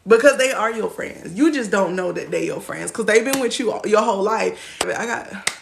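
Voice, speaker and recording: Woman in her twenties, gravelly fry, easygoing slangy teacher chatting to a live audience. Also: mid-range voice, expressive, normal speed, noisy background. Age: 20s. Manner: loose and slangy, laughs often, acts out quoted voices. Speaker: spiritual teacher on a livestream. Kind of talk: casual livestream teaching chat.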